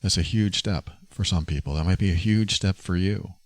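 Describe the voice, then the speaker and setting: A man's voice: low-pitched, normal speed, no room sound. A man hosting a podcast, talking earnestly and confessionally about his own experience. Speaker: podcast host. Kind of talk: personal reflective monologue.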